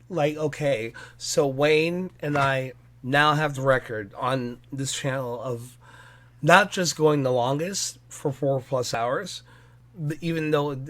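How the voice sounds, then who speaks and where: A man hosting a casual podcast, excitable, joking and quick to apologize. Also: medium pitch. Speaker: podcast host.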